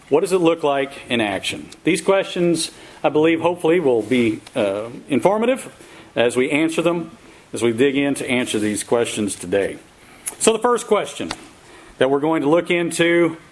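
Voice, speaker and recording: A man's voice: fairly high pitch, slight background noise, low-quality recording. A man preaching a sermon in a casual, folksy way, with fillers and chuckles at his own jokes before turning to scripture. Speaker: pastor.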